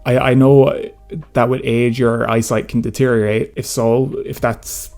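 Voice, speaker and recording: A man's voice: mid-range voice, level tone, unhurried, gravelly, darkish tone, faint music behind. A nineteen-year-old man giving a sarcastic, profane commentary rant in a casual way. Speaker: commentary YouTuber. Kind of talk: ranting commentary.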